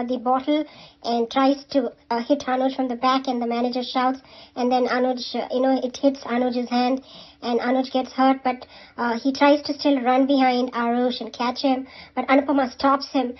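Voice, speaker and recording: A chatty woman, recapping a serial episode at a fairly high but level pitch. She fills her talk with "uh" and "you know" and turns to scold or cheer the characters directly. The recording is a little dull and lo-fi. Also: little pitch movement, moderate pace.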